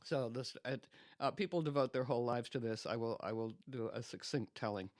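Brief: male guest storyteller, animated, casual restarts, mid pitch, dry close mic. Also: brisk, no room sound.

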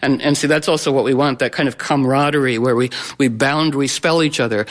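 A man giving an informal astrology talk to a live audience, rambling and playful, with many fillers, restarts and sudden animated voices. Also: medium pitch, a little fast.

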